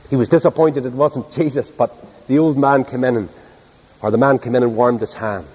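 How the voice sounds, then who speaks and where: A man's voice: medium pitch, steady tone, brisk, a little mellow, husky. A man preaching, telling a story in a homely, earnest way. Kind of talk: sermon storytelling. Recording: echoey hall.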